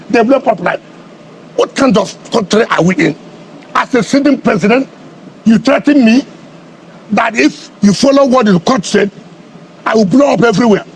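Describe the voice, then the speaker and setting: A man's voice: very high-pitched, husky. Combative man firing rhetorical questions. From Nigeria. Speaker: politician being interviewed. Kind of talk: heated media interview.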